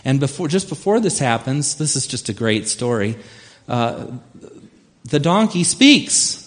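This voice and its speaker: A man's voice: medium pitch, expressive, normal speed. A man preaching a sermon, retelling a scripture story in a conversational way and acting out the characters. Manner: conversational storytelling, acts out voices. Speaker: pastor.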